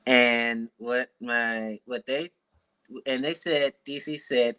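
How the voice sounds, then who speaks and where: A man of around thirty from Washington, D.C. recounts his own story as a guest author. He speaks slowly and deliberately, choosing his words with care. His voice has a bright, forward tone. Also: mid-range voice, fairly even intonation, smooth, rough recording. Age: about 30. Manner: deliberate, measured, articulate storytelling. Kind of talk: telling his life story in an interview.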